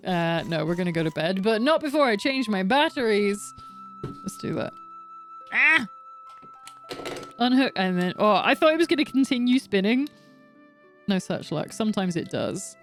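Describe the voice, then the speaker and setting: A woman's voice: mid-range voice, animated, moderate pace, long pauses, soft background music. Talk casually as a woman streamer, chatty, a bit sweary, laughing at yourself. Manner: chatty, swearing, self-mocking. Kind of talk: casual gaming commentary.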